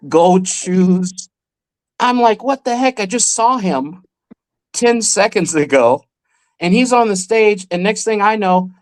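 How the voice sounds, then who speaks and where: Animated storytelling man in his forties. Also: on the high side. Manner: animated, vivid anecdote telling. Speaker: guest magician and former child actor. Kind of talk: casual podcast storytelling.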